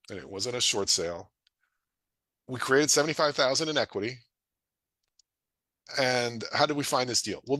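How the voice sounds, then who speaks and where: A middle-aged man presenting to an audience in an energetic, folksy way, acting out dialogue. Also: dry recording. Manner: energetic, folksy, acts out dialogue with rising pitch. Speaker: real estate investor presenting a webinar.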